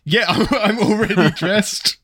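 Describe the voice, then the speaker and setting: An Englishman with an English accent co-hosts a podcast in a relaxed, self-mocking way, laughing easily. His voice sits a little high. The recording is dry and close. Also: measured pace, slightly rough, no echo. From England. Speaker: podcast co-host. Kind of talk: casual chat.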